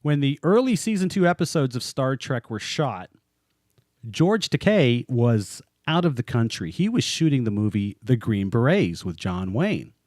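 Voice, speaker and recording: A man co-hosting a podcast, talking in a relaxed, chatty way and often breaking into laughter between phrases. His voice sits at an ordinary middle pitch. The sound is close and dry, with no room echo. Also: unhurried. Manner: chatty and joking, laughs often mid-sentence. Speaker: podcast co-host. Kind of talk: casual podcast chat.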